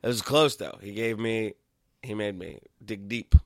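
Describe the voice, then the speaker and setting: Low-voiced New man, laughing often. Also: unhurried, a bit bright, dry recording, clean studio sound. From Queens, New York. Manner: laughs often, swears casually. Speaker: stand-up comedian guest. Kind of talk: casual chat.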